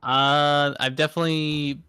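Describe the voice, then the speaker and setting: A man's voice: fairly high pitch, little pitch movement, measured pace, pushed and bright, clean tone. A young man co-hosting a gaming podcast, hesitant and thoughtful, often restarting his sentences. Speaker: podcast co-host. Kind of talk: casual gaming chat.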